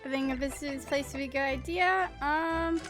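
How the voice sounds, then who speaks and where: A woman's voice: sits high, fairly quick. A woman streaming a game live, chatty and self-interrupting as she reads the game text aloud. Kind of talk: live game playthrough commentary. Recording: game music under the voice. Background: game music.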